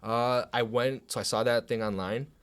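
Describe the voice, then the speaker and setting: A young pro wrestler, guesting on a podcast, tells a story in casual, profane, animated chat, acting out what other people said. His voice is medium-pitched, clear, and resonant, at a moderate pace.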